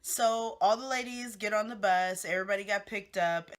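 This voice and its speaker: A woman's voice: mid-range voice, moderate pace. A woman hosting a casual gossip recap of a reality show, chatty and candid with lots of fillers and asides.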